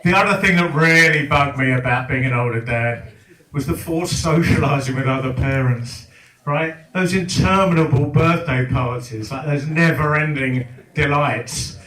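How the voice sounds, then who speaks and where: An older man delivers a stand-up set with wry, sardonic timing. His voice sits a little high for a man. He is recorded from a distance in an echoey comedy club, with clear noise underneath. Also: moderate pace, fairly bright tone. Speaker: stand-up comic.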